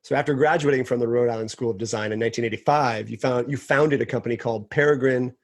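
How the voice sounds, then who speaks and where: A man hosting a casual interview, reacting quickly and laughing along with his guest. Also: mid-range voice. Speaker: podcast host.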